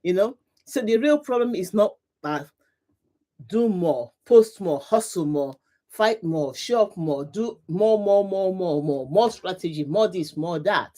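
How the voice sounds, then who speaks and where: Warm-voiced woman hosting a motivational livestream. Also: lowish voice, expressive, measured pace. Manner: repetitive, emphatic, greets viewers, laughs often. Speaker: livestream host, coach. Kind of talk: live motivational talk.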